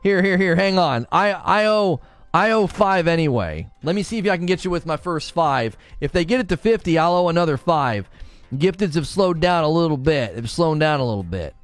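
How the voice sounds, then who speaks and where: A man's voice: a little high, expressive, moderate pace, no echo. A man hosting a live stream in casual chat. He argues animatedly and laughs often. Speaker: livestream host.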